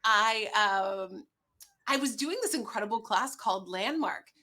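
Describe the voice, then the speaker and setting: A woman, a guest on a talk show, telling a personal story in an animated way and acting out the voices of the people in it. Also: medium pitch, unhurried. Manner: animated, acts out quoted voices.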